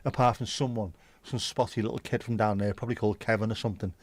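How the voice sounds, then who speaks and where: A man's voice: lowish voice, fairly even intonation, fast. A man hosting a casual livestream, rambling chattily with sweary asides. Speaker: livestream host. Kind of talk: casual solo livestream chat. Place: home.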